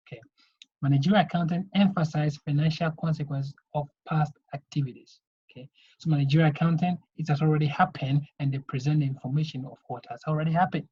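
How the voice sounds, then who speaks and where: A man's voice: mid-range voice, a little mellow, breathy edge. A man teaching an accounting lesson, explaining step by step and often checking in with "okay?". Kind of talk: video lesson lecture. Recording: dull lo-fi recording.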